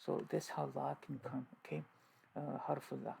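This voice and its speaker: A man teaching an informal grammar lesson, halting with fillers and restarts, repeating key terms as he goes. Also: mid-range voice, level tone, vocal fry, a little mellow, husky, low-quality recording.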